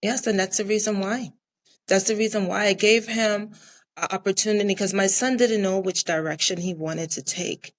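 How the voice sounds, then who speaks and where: A woman's voice: medium pitch, steady tone, normal speed. A middle-aged woman from the Caribbean, a restaurant owner talking in a casual interview, earnest and repeating herself for emphasis.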